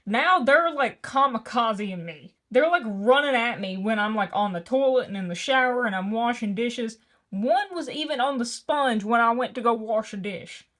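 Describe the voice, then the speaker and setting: A woman's voice: a little high, normal speed, a bit bright. A young woman from Tennessee with a Southern accent, chatting casually and rambling with self-mocking asides in a home vlog. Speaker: book vlogger. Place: home kitchen.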